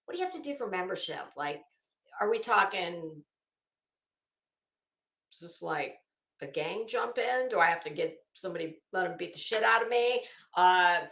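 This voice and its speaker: A woman's voice: on the low side, lively intonation, normal speed, long pauses, fairly bright tone, reverberant. A woman hosting a casual live stream, chatting with viewers by name and swearing freely. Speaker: live stream host reading chat.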